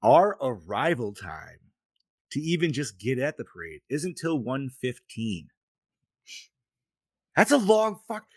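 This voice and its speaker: A man's voice: medium pitch, sing-song, takes it slowly, long pauses, dry recording. A man hosting a casual horror podcast, talking animatedly, laughing often and swearing freely. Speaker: podcast host.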